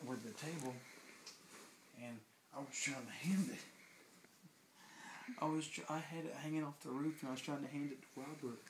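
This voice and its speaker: A drunk man rambling through a profane anecdote, acting out the lines of the people in it. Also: mid-range voice. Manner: profane, animated, acts out quotes. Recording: roomy with faint noise.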